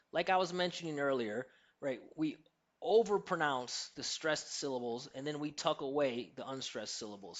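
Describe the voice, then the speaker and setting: A man's voice: a little high, a bit bright. A man with an American accent, an accent coach answering interview questions in an emphatic, teacherly way and demonstrating pronunciations.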